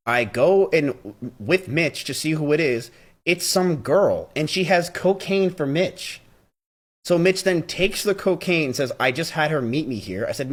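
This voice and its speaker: A man's voice: medium pitch, animated, moderate pace. Blunt, profane young man recounting a feud. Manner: blunt, profane, heated retelling with quoted dialogue. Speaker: streamer. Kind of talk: casual storytelling to stream chat.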